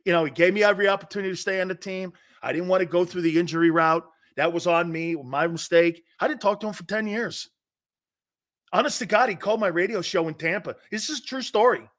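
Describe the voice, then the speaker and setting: A man hosting a sports talk show holds forth with blunt, animated opinions. His voice sits fairly high for a man and swings widely in pitch. He sounds middle-aged and tells stories with loud bursts and sudden drops.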